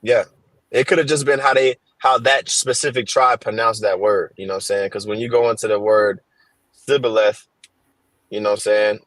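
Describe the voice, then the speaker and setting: A low-pitched man reads scripture in a laid-back study session. He stops often with fillers and restarts. The sound is dry and close. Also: steady tone, a bit bright, no echo, poor audio. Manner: halting, reads slowly with fillers. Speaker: scripture reader in a Bible class. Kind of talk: casual reading and discussion. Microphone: headphones on a stream.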